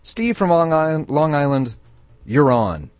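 A man hosting a call-in radio show who tells jokes in a playful, animated way. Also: fairly high pitch, unhurried, dry recording, faint music behind. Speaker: radio host.

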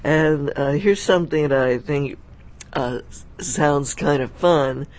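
A man co-hosting a radio show in a studio, chatting agreeably and reading out event listings. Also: a little high. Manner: unhurried, agreeable, reads out listings. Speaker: radio co-host. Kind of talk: casual on-air chat and event announcements.

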